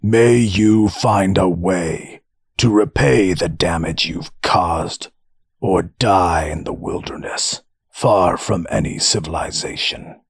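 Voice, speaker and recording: A man voicing a gruff, stern magistrate in an audiobook fantasy story. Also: sits low, slow pace, no echo, clean studio sound, full character voice.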